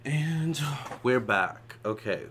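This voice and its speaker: A man's voice: medium pitch, expressive, slow pace, breathy edge. A man giving a casual psychic tarot reading in a chatty, loose way, with many fillers and restarts. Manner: prays softly. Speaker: tarot reader.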